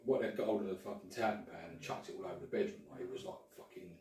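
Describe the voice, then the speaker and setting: A man's voice: sits low, rapid-fire, a little mellow. Swearing man telling a story. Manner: swears freely, rambling anecdote, restarts often. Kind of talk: casual storytelling. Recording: roomy, distant mic, faint noise.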